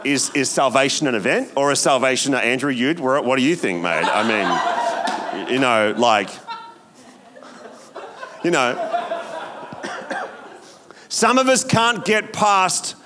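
A man, preaching as a pastor, telling a story in a hushed voice that builds to emphatic exhortation. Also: mid-range voice, animated, moderate pace, long pauses, background noise. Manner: storytelling, hushed at times, then rising and emphatic. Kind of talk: sermon.

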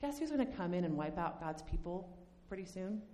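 A woman teaching a Bible study lesson in a conversational, animated way, acting out the lines she quotes. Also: fairly low pitch, brisk. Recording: long hall reverb.

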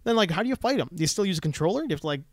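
A man's voice: high voice, racing, dry recording, clean studio sound. A man co-hosting a casual podcast chat, swearing freely and acting out stories in other people's voices. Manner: swearing, animated storytelling. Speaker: podcast co-host.

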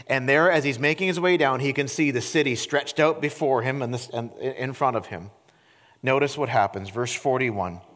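Man preaching in an echoing church. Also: medium pitch. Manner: expressive, rhetorical questions to the congregation. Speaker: pastor. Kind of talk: sermon. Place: church sanctuary.

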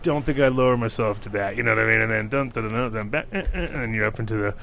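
A man in casual podcast chat, grumbling about travel hassles in quick banter. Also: on the low side, creaky, a bit bright, a little hiss or hum. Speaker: podcast co-host.

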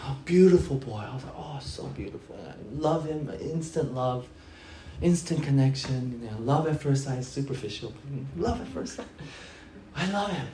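With a mid-range voice and a moderate pace, a middle-aged pastor preaches in a roomy-sounding space with slight background noise. He leans on storytelling, animatedly acting out the people he describes and their words.

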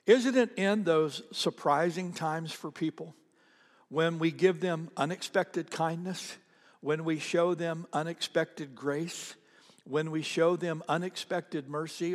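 Male pastor, conversational sermon, fairly high voice, long hall reverb. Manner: conversational storytelling preacher, repeats phrases for emphasis.

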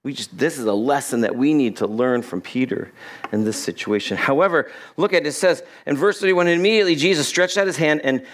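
Animated preaching man. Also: mid-range voice, a little fast. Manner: animated, acts out Bible characters' lines. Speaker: pastor. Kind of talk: sermon. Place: church. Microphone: body-worn mic with cable.

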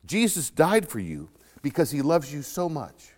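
Folksy, firm old grandmother, pitched up, done by a male preacher, in a reverberant hall. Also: huge pitch swings, measured pace, a little mellow, full character voice. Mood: tender. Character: feisty elderly Christian grandmother, stern but loving.

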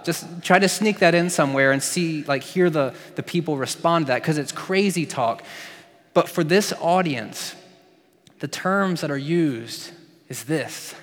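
A man's voice: fairly high pitch, normal speed, fairly bright tone, big-room sound. A man preaching a sermon as a pastor, playful and joking with asides.

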